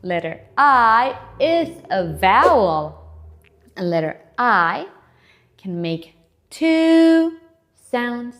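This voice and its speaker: A woman teaching English letter sounds to young children, speaking slowly and clearly, with exaggerated letter sounds and lots of encouragement. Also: on the high side, big pitch swings, a bit bright. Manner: encouraging, repeats and invites kids to join in. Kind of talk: children's phonics lesson.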